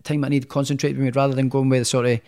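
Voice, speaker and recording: A man's voice: mid-range voice, rapid-fire. A young man, a professional boxer telling stories in a casual interview, with many restarts. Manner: rambling, animated storyteller with many restarts.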